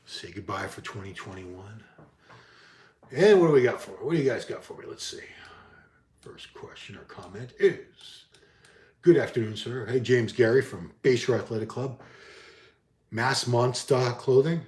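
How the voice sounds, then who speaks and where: Speaking in a fairly low, slightly mellow voice, this Boston-area man reminisces about his bodybuilding days and responds to viewer comments. He's frank and pokes fun at himself, frequently losing his thread and restarting, with the room audibly echoing.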